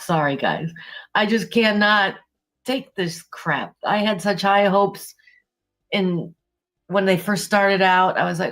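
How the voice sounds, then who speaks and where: A woman's voice: medium pitch, slow pace, a bit bright. A woman co-hosting a casual sports podcast, ranting in a heated, exasperated way and swearing freely. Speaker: podcast co-host.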